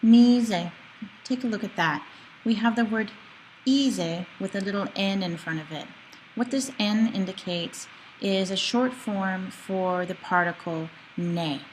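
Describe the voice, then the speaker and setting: A woman teaching a recorded language lecture, explaining words patiently and slowing down to model pronunciation. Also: medium pitch, slight background noise, low-quality recording.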